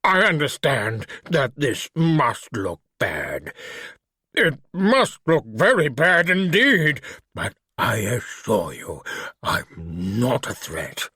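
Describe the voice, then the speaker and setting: Refined, apologetic monster, deep garbled voice, slow and lilting, dry close sound, a male narrator putting it on. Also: huge pitch swings, sharp tone, husky, no echo, heavily acted. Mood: courteous. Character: huge clawed cave monster, refined, polite male.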